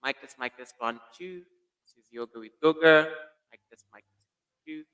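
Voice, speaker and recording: On a casual live stream, a male host tests a new computer mic in an echoey room and animatedly greets viewers by name. His pitch is fairly high, his pace moderate, and his tone sharp.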